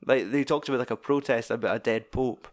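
A man's voice: mid-range voice, steady tone, a little fast. A Scottish man in casual film-discussion chat, swearing freely as he retells scenes with animation.

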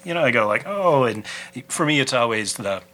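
A man's voice: mid-range voice, lively intonation, a little fast, pushed and bright. A man co-hosting a podcast in casual chat, rambling and laughing often. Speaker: podcast co-host.

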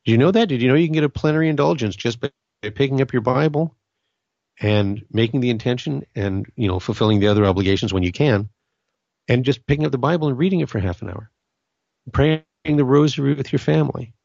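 A middle-aged man from Southern California talks about faith in an earnest, conversational way, often doubling back and restarting his sentences. His voice has a gravelly edge. The recording is dry and a little dull. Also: medium pitch, fast, darkish tone, no room sound. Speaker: Catholic podcast host. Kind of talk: casual spiritual talk.

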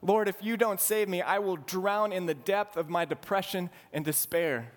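A man's voice: sits high, normal speed, voice pushed up, close to an everyday voice. A man voicing a desperate psalmist who cries out to God in an impassioned plea. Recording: long hall reverb.

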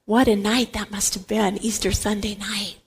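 A woman's voice: mid-range voice, little pitch movement, normal speed, breathy edge. A woman giving a Catholic Bible teaching talk, emphatic and repeating words for stress.

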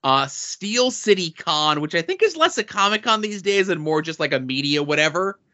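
Bright-voiced man running down guest lists. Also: fairly high pitch, big pitch swings, moderate pace, dull audio. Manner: reads off guest lists with dry asides. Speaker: podcast co-host. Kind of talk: casual podcast chat.

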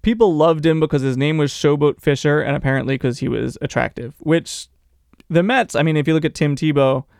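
A man's voice: a little high, brisk, gravelly, a little mellow, no echo, clean studio sound. A man co-hosting a podcast, chatting casually about baseball history in a rambling, joking way with many fillers. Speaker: podcast co-host.

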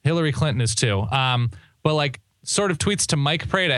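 A man's voice: on the high side, expressive, moderate pace, fairly bright tone, dry recording, studio quality. A young man co-hosting a sports podcast, chatting casually in a joking, rambling way and often restarting his sentences. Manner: joking, rambling, self-correcting. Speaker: podcast co-host. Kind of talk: casual chat.

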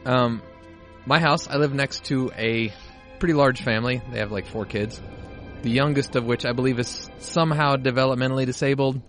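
A man's voice: mid-range voice, steady tone, normal speed, fairly bright tone, faint music behind. A man co-hosting a podcast in casual chat, swearing and telling stories with jokes. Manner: crude, joking storyteller. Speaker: podcast co-host. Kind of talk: casual chat over a film.

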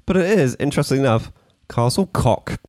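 A man's voice: mid-range voice, lively intonation, fairly quick, darkish tone, no echo, studio quality. A man co-hosting a podcast in casual chat, thinking aloud as he makes his points. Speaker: podcast co-host.

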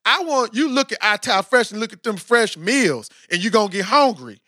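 An American man hosting a podcast in a casual, animated way, with lots of fillers. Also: high voice, normal speed, dry recording, clean studio sound. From United States. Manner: animated and talkative, with frequent fillers. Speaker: podcast host interviewing a guest. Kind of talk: casual chat.

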